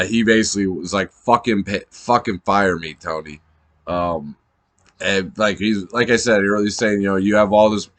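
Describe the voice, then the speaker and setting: Man, low-ish voice, rambling, profane, laughing often, a little high, dry close sound. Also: fairly bright tone, no echo. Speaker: wrestling fan vlogger. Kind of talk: off-the-cuff excited commentary.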